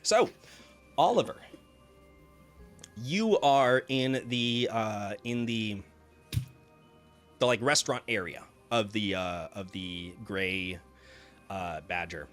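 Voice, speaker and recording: A man narrating a tabletop game as game master, halting with frequent fillers. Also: lowish voice, animated, a bit bright, faint music behind. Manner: halting, with many fillers and restarts.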